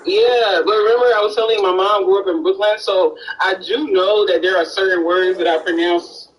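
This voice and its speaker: A man's voice: high voice, fairly even intonation, brisk, recorded from a distance, poor audio. A man from Miami with a Miami accent, chatting casually and hesitantly, with frequent restarts and fillers. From Miami, Florida. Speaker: conversation partner. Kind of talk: casual chat.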